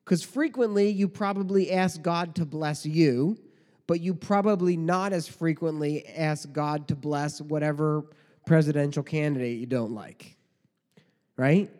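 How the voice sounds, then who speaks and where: A man's voice: a little high, a little slow, darkish tone. A man preaching a sermon in a conversational way, full of rhetorical questions and mock quotes. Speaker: pastor. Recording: long hall reverb.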